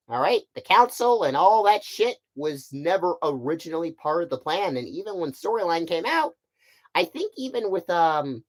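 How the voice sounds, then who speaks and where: A man talks offhandedly to his viewers on a stream, his pitch rising and falling in a lively way. He often trips over words, repeating them before he finishes a thought. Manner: rambling and offhand, with frequent fillers like "like" and "you know". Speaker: puppet series creator on a stream. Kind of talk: casual stream chat answering viewer questions.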